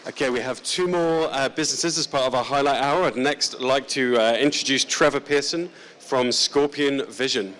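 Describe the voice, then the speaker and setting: Brisk, informal man hosting a showcase. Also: medium pitch, a bit bright, a faint crowd. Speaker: session host.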